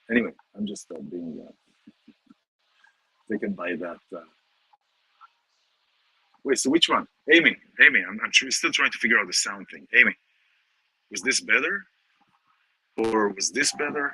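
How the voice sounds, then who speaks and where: A man giving a casual Torah talk to viewers from a casino, halting, repeating words, with many fillers. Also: lowish voice, pushed and bright, husky, poor audio. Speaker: host. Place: in a casino in Vegas.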